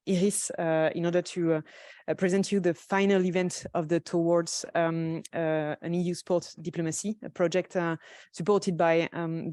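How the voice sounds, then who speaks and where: A woman with a Northern Irish accent opening a conference round table, speaking haltingly with many filler sounds. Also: fairly low pitch, a little mellow, clear, resonant tone, no room sound, studio quality. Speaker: conference moderator. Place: conference room.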